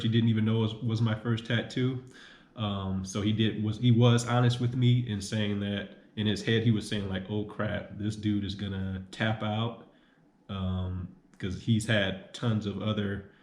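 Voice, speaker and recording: Lowish-voiced young man rambling in an echoey room. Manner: rambling, repeats himself, many "um"s. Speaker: vlogger. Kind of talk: casual vlog monologue.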